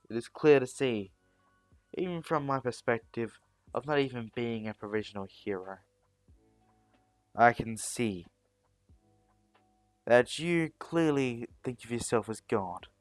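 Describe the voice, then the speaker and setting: A man voicing a calm young male hero in a fan story, lecturing his foe in a steady, defiant way. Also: mid-range voice, no room sound.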